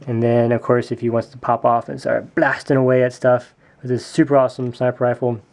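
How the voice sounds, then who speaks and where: A man's voice: medium pitch, flat delivery, a little fast, a little mellow. Upbeat young-sounding man reviewing toys. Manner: enthusiastic, repeats praise words. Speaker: toy reviewer. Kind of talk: casual product review video.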